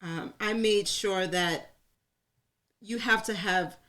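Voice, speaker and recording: A woman's voice: medium pitch, slow, fairly bright tone. A woman co-hosting a live talk in front of an audience, sharing her story openly and chattily, laughing often. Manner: open, chatty, laughs often, calls herself an oversharer. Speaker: co-host. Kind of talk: candid personal conversation.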